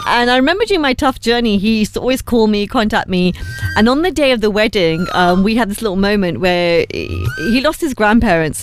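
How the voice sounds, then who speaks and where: A woman vlogger speaking earnestly and gently in a reflective personal talk, slowing down on key phrases. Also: mid-range voice.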